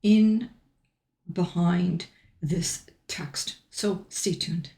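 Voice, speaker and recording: A middle-aged woman hosting a software tutorial, talking through each step in an unhurried way with frequent ums. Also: fairly low pitch, steady tone, echoey room. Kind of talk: screen-recorded software tutorial.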